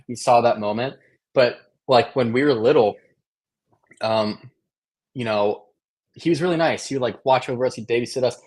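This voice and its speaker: Rambling mid-pitched man telling stories. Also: moderate pace, pauses often, a little mellow, breathy edge. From Illinois. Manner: rambling storyteller, dry jokes, many fillers. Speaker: stream guest. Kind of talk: casual live-stream chat.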